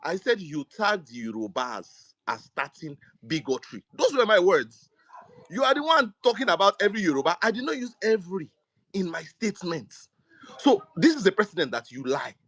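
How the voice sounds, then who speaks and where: A man's voice: high-pitched, sing-song, a little fast, a bit bright, no room sound. A man with a Nigerian accent arguing heatedly in an online debate, accusing and scolding his opponent. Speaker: debate participant. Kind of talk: heated argument.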